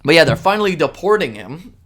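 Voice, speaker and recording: A man hosting a solo podcast, ranting sarcastically and indignantly, jumping between loud outbursts and muttered asides. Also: on the high side, big pitch swings, fast. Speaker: podcast host. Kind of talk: solo opinion rant.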